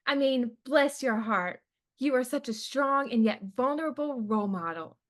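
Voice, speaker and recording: A woman's voice: high-pitched, moderate pace, lightly acted. A woman voicing a gushing female caller to a TV show, sugary and overly earnest. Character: gushing female TV caller reading a fan message.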